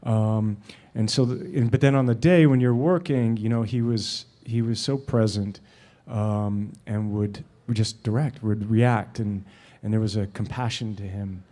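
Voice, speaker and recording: A man in his forties, an actor and director, answering audience questions with halting, filler-filled anecdotes and frequent laughter, on a stage before an audience. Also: lowish voice, steady tone, warm tone. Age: 40s. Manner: halting, many fillers and restarts; laughs while telling stories.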